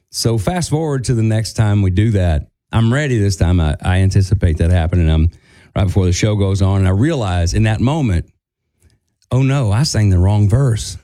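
A man's voice: on the low side, brisk, music in the background. A man guest co-hosting a radio show, telling a story casually and acting out quotes in a raised voice. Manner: animated, acts out quotes in a raised voice. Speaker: guest co-host, country singer.

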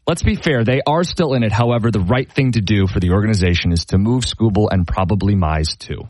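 A man hosting a sports radio show, chatting casually and reading listener texts aloud with lively emphasis. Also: lowish voice, brisk, dry recording.

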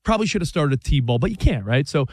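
A man co-hosting a sports talk show, telling stories in a casual, animated way. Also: on the high side, no room sound, clean studio sound. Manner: animated storytelling, quick back-and-forth. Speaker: sports radio co-host.

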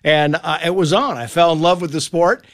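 A man's voice: fairly high pitch, a little fast. A man, a journalist and author, telling stories in a casual interview and acting out the people in them. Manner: animated storyteller, acts out quoted voices.

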